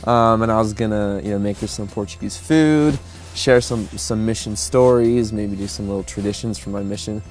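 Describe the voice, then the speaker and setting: Young man, lowish voice, easygoing, chuckling, filler words, soft music behind. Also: normal speed. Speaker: groom-to-be telling his love story. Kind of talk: casual interview storytelling.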